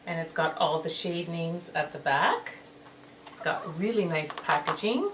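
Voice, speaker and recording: A woman's voice: fairly low pitch, takes it slowly. Gushing woman vlogger, echoey and distant. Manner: gushing, excitable, repeats "so excited". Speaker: beauty vlogger. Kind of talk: casual haul video. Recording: roomy echo, distant mic, noisy background.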